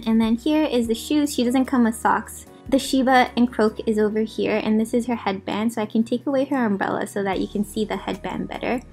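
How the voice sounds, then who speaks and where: A young woman with a slightly high voice chats casually as she walks through a game. She gushes, apologizes in asides and rambles on, with faint music playing underneath. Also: a little mellow. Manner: chatty, apologetic asides, gushing about outfits. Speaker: gaming video host. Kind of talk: casual gameplay commentary. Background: faint background music.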